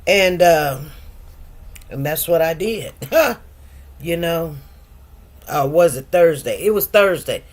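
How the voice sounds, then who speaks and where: A woman's voice: lowish voice, animated, slow, long pauses. A woman in her fifties hosting a livestream, chatting casually with viewers in a rambling, laughing way. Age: 50s. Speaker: livestream host.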